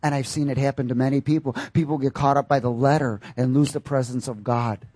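A man preaching a sermon with animated delivery, calling out questions to his congregation and breaking into loud bursts. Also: mid-range voice, a little fast, slightly rough, no room sound.

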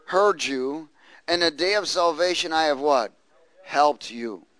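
A pastor with a somewhat high, slightly bright voice preaches, reading scripture aloud and prompting his congregation to answer and repeat after him in call-and-response. The audio is poor, with no room sound.

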